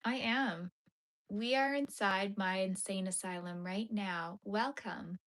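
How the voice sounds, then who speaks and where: A young woman hosting a casual crochet livestream from her home, chatting with viewers and sometimes dropping into soft murmurs and whispers. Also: medium pitch, slow pace. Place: home crafting room.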